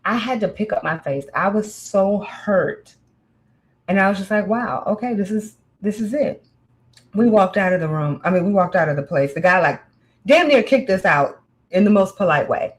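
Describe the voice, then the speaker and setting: Woman spilling a story, frank and animated, mid-range voice, just chatting. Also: mid-range voice, normal speed, low-quality recording. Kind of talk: casual chat.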